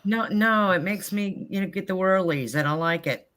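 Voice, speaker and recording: An older woman chatting casually, telling animated stories and acting out her own reactions with lots of exclamations. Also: mid-range voice, moderate pace. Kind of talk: casual chat.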